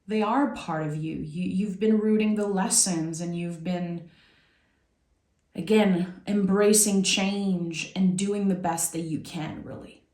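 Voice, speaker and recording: Slow, reflective woman tarot reader. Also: fairly low pitch, steady tone. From Québec. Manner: reflective, meandering, gently encouraging. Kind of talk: intuitive tarot reading. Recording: echoey room.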